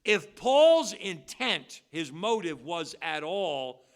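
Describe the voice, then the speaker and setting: A man preaching as pastor at a midweek church service, swinging between loud, drawn-out stressed words and quiet, quick asides. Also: sits high, sing-song. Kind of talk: expository sermon. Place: church sanctuary.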